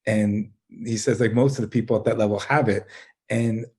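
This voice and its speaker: A man's voice: on the low side, fairly even intonation, normal speed, a little mellow. A middle-aged man, a teacher and life coach, talking as a podcast guest in a casual conversation, often laughing as he tells his story. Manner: laughs often while telling his story, many restarts.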